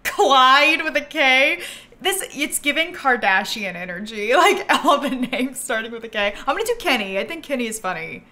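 Bubbly, high-voiced young woman streamer. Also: normal speed. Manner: excitable, laughs often, swings between squeals and mutters. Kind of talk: live game-stream commentary.

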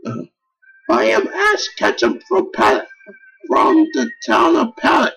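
A man voicing a brash young boy hero from a game, shouting boastfully in a shrill, strained voice. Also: wildly swooping pitch, a little slow, gravelly, heavily acted, rough recording.

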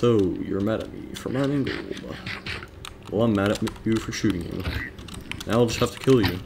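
A man gives low-pitched, mumbled live commentary while he plays a video game. He talks half to himself and coaxes the game's creatures, with faint background noise and keyboard clicks under his voice. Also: normal speed. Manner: mutters to himself, coaxing and teasing game creatures. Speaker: gaming streamer.

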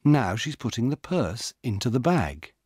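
A man's voice: medium pitch, big pitch swings, unhurried, darkish tone, slightly rough, dry recording, studio quality. A man reading the part of a woman police officer, alert and eager, with a raised voice. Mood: urgent.

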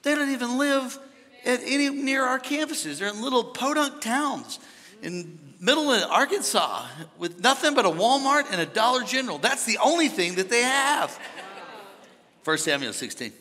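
A male pastor preaching a sermon, telling stories and building up to shouting. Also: extremely high pitch, very animated, moderate pace. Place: large church hall. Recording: hall reverb from a big church.

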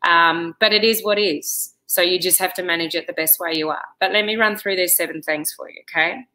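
Middle-aged woman, direct conversational vlogger, slightly low pitch, bright voice. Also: fairly even intonation, a little fast, low-quality recording. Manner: chatty, direct, with many "you know"s. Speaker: vlogger giving life advice. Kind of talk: casual advice monologue to camera.

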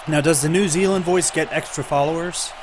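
A man on a game stream, reacting excitedly to plays as a teammate in casual chat. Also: fairly high pitch, fairly quick, noisy background.

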